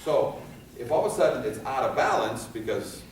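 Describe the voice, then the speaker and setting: A man giving a fire safety seminar, animated and firing rhetorical questions at his audience, recorded in a seminar room. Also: mid-range voice, moderate pace, a little hiss or hum. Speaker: fire escape safety instructor. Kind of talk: seminar lecture. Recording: echoey hall from far off.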